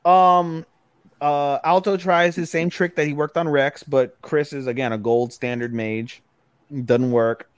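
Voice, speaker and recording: A man's voice: on the high side, fairly even intonation, unhurried, clean tone, no echo, clean studio sound. A man co-hosting an anime podcast, recapping episodes in casual, rambling, profane chat. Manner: rambling, profane, acts out characters' lines mid-recap. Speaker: podcast co-host.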